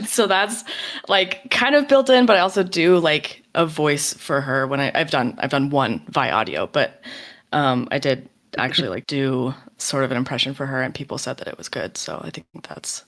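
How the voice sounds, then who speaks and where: A woman's voice: very deep voice, moderate pace, a bit bright. A woman on a podcast panel as a voice actor, chatting casually about her work in a modest, hesitant way. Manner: hesitant, modest, with light laughs.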